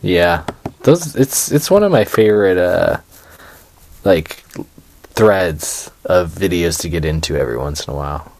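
A man with a very low voice trades dry, teasing remarks in casual podcast chat. His talk is loose and offhand. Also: animated, measured pace, darkish tone. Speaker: podcast co-host.

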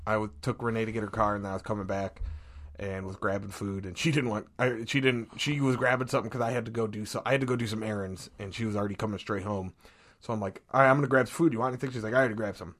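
A man's voice: lowish voice, fairly even intonation, rapid-fire, a bit bright. Rambling Ohio man telling stories. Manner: rambling storyteller, acts out quotes in voices; laughs often while telling stories. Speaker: podcast co-host. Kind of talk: casual chat.

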